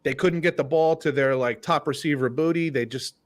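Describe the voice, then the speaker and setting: Relaxed man co-hosting a sports podcast. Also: a little high, a little fast. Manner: relaxed, storytelling, trails off quietly. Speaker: podcast co-host. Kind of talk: casual sports chat.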